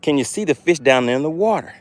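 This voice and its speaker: Male live-stream fishing host, hyped and chatty with viewers, very expressive intonation. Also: a little high, fast, no room sound. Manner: excited, talks directly to chat viewers.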